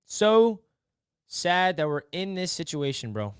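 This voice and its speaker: A man's voice: high voice, big pitch swings, slow, clear, resonant tone, dry recording, studio quality. A young man hosting a casual live sports stream, rambling and mock-despairing, repeating himself.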